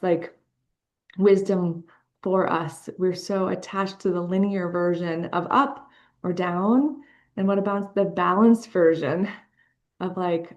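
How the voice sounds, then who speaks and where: A woman co-hosting a group video call, responding softly and affirmingly, sometimes in a blessing-like way. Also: on the low side, gravelly. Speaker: co-host. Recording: dull lo-fi video call audio.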